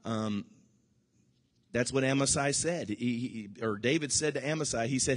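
A male pastor preaching a sermon, emphatic and repetitive, swinging between loud bursts and hushed asides. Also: mid-range voice, moderate pace. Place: church sanctuary. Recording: long hall reverb.

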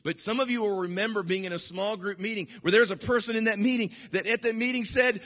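A male pastor preaching a sermon, emphatic and repetitive, swinging between loud bursts and hushed asides. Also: sits high, fast talker. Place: church sanctuary. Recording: long hall reverb.

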